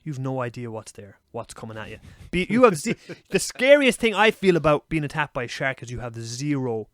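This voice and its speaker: A young Irish man co-hosting a podcast, telling animal stories in a lively casual way and swearing freely. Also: medium pitch, brisk, dry recording, clean studio sound. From Ireland. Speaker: podcast co-host. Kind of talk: casual chat.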